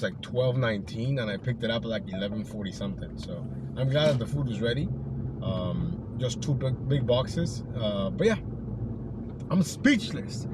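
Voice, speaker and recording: A man talking casually to his viewers from a car while driving for deliveries, upbeat and rambling, with lots of fillers. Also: medium pitch. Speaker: delivery driver vlogger. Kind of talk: casual vlog narration. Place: inside a car. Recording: clear car and road noise behind. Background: car and road noise.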